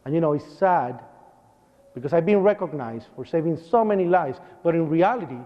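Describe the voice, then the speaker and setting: A man with a Puerto Rican accent tells his story to a church audience, voicing the people in it. His voice sits high, and the sound is dull and soaked in the long reverb of a hall. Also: fairly quick. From Puerto Rico. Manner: animated storyteller acting out dialogue. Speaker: speaker. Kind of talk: personal testimony speech.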